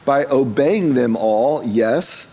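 A man's voice: medium pitch, slow pace, warm tone, husky. A man, preaching a sermon to a congregation in a church, in a conversational style with humorous asides. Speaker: pastor.

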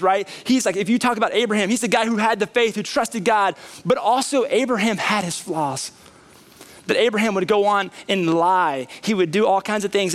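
A man in his thirties, a pastor preaching a conversational sermon in a church. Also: high voice. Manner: animated, conversational preaching with rising emphasis. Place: church sanctuary.

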